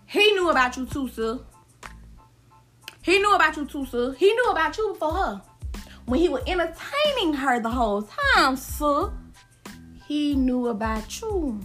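Brief: high-pitched woman host of a gossip podcast, sassy and slangy. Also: expressive, moderate pace, fairly bright tone, faint music behind. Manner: sassy, repeats lines for emphasis, slangy. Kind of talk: casual solo gossip podcast.

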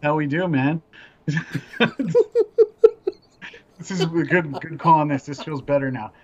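A young man co-hosting a casual, improvised podcast over a video call, animated and jokey. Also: on the high side, brisk, dull audio. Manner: animated, jokey, puts on silly voices. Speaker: podcast co-host.

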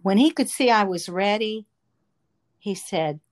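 A woman's voice: mid-range voice, expressive, unhurried. A woman telling a personal faith testimony in an earnest, emotional storytelling manner. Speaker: testimony speaker.

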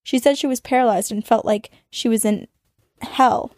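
A woman podcast host reading a listener's ghost story aloud, with dramatic storytelling that speeds up and slows down for suspense. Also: on the high side, a little mellow, no echo, studio quality.

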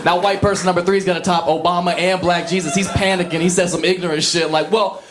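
A man's voice: high-pitched, flat delivery, quick pace, music in the background. A man doing a brash, profane stand-up routine, teasing the crowd from a large theater stage. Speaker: stand-up comedian. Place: large theater stage before a live audience. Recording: loud crowd laughter and noise.

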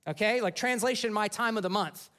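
A man preaching a sermon, retelling scripture in an animated, casual storytelling manner. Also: high voice, fairly quick. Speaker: pastor.

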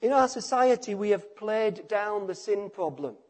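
A man preaching a sermon, emphatic and repetitive, letting his phrases fall quiet at the ends. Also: high voice, expressive, a little slow. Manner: emphatic, repeats phrases, drops to quiet endings.

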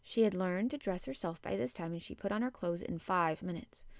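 A woman's voice: lowish voice, fairly quick, gravelly, dry recording. Woman narrating a storybook. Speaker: audiobook narrator.

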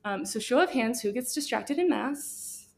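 A woman's voice: fairly high pitch, lively intonation, normal speed, vocal fry. Earnest young woman giving a casual faith talk. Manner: casual, earnest, lots of fillers. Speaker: guest speaker.

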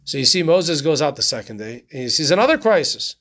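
A man's voice: on the high side, big pitch swings, fast, fairly bright tone. A man teaching a casual Torah class, talking conversationally, often asking rhetorical questions and checking in with "right?".

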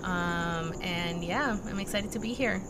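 A woman guest on a podcast in casual chat, soft-spoken and laughing easily. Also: lowish voice, measured pace, background noise. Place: backyard.

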